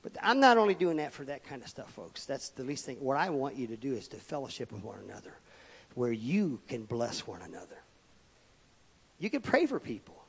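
A man, preaching a sermon as pastor, emphatic and swinging between loud declarations and quiet asides. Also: mid-range voice, sing-song, fairly quick, vocal fry, breathy edge. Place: church sanctuary. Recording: long reverb of a church hall.

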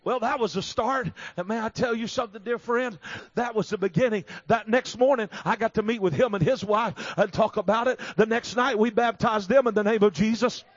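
A man preaching a revival sermon in a fervent, storytelling way that builds to emphatic shouting. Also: high-pitched, a little fast, dry recording. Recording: slightly dull recording.

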